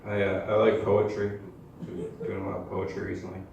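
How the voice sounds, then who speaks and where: A young man performing amateur stand-up in a comedy club, deadpan and hesitant, full of uhs and likes. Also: low voice, fairly quick, highs cut off. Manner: hesitant, deadpan, filler-heavy. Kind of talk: stand-up routine. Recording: echoey live club, mic at distance, room noise.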